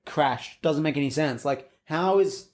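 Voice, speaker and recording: A man's voice: a little high, measured pace, darkish tone. A man co-hosting a podcast, giving opinionated film takes with many fillers and restarts. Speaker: podcast co-host. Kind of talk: casual film review chat.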